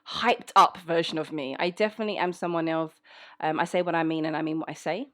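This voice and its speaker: A woman's voice: low voice, steady tone, fast, fairly bright tone. A woman in her thirties with a South London accent, chatting frankly from home as she answers listener questions, her speech full of ums. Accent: South London English. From England. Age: 30s. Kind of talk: casual chat.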